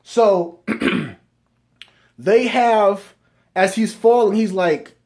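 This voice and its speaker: A young man talks through a storyline in loose, rambling commentary, checking in with "right?" after almost every point. His voice sits high for a man and stays casual throughout. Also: very slow, a little mellow. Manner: rambling, keeps asking "right?". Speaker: video reviewer.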